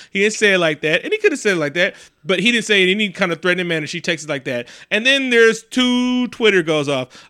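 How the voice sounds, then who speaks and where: Profane, animated storytelling man. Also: high-pitched, fast, hardly any pauses, clean tone, no echo, clean studio sound. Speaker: podcast co-host. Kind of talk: casual chat.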